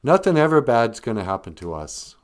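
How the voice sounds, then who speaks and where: A man voicing a young boy acrobat in a high-pitched, squealing childlike voice. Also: big pitch swings, fairly quick, close to an everyday voice. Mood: cheerful. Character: young boy acrobat, cheerful then heartbroken.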